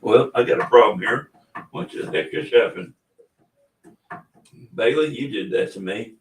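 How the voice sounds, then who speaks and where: A man's voice: medium pitch, expressive, measured pace, far from the mic. A man hosting a casual livestream chat, easygoing and rambling, often chuckling. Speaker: livestream host. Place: indoors, room with cabinets. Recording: echoey room, away from the mic.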